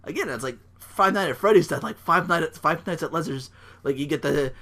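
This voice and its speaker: A man hosting a casual solo podcast, recapping wrestling with excitement, laughter and quick put-on voices. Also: fairly high pitch. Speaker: podcast host.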